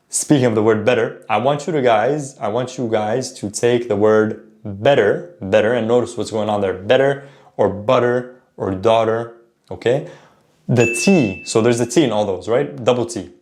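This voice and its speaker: A man teaching a casual spoken lesson, stopping often to say example words slowly and correct himself. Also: on the low side, a little mellow. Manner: repeats words slowly to model pronunciation; self-correcting, informal. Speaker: language teacher.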